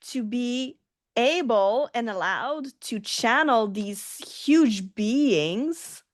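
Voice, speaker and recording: A woman guest giving an earnest, halting personal testimony in an interview. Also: fairly high pitch, dry recording, studio quality.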